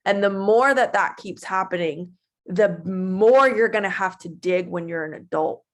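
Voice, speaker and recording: A woman in her twenties giving a casual, animated motivational talk to her team, chatty and full of feeling. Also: medium pitch, unhurried. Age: 20s. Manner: animated and chatty, acting out her own past voice.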